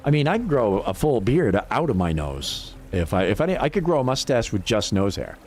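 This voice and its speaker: A man talks off the cuff on a gaming livestream. His speech is peppered with swearing and quick laughs, and he rambles from one tangent to the next. His pitch swings up and down freely, and faint music sits quietly in the background. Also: sing-song. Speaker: livestream gamer. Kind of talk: casual livestream chat.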